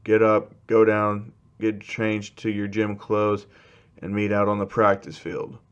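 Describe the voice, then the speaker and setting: A man voicing a stern, gruff male homeroom teacher who barks blunt orders. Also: on the low side, level tone, measured pace, lo-fi sound, close to an everyday voice.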